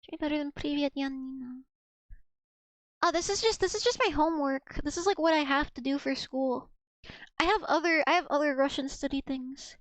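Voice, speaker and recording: High-voiced chatty young woman streamer. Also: fairly quick, dry recording. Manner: chatty, giggly, rambling storyteller. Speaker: streamer learning Russian. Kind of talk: casual livestream chat.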